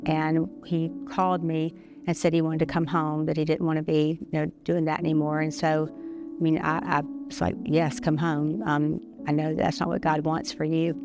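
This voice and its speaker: A middle-aged woman telling a personal story as an interview guest, halting and often pausing to restart her sentences. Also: low voice, monotone. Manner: halting, many pauses and restarts. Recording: music playing underneath.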